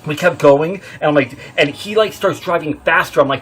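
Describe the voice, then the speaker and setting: A man telling a true horror story in a casual, rambling way, swearing often and swinging from hushed to loud. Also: a little high, normal speed, slightly rough, faint music behind. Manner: rambling, swears often, many fillers and restarts.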